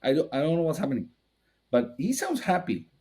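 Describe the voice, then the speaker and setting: A man hosting an interview, reflecting and telling anecdotes in a relaxed conversational way. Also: fairly high pitch, fairly quick. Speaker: interview host.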